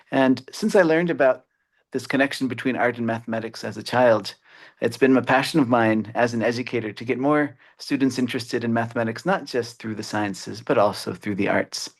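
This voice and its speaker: A male educator explaining ideas step by step in an online lecture. His pitch sits in the middle of the usual range for a man. He stops often on short "uh" fillers between phrases. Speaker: mathematics educator. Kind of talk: webinar lecture.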